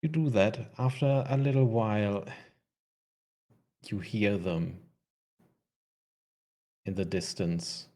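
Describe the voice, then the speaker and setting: A man's voice: lowish voice, steady tone, slow pace, pauses often, mellow. A man narrating a tabletop fantasy game as game master, often laughing as he describes the scene.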